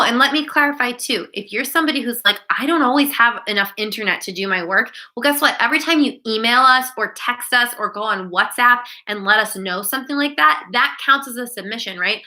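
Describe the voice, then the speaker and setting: A woman's voice: fairly high pitch, pushed and bright, rough recording. A woman teacher hosting a live online class Q&A, talking directly to her students by name.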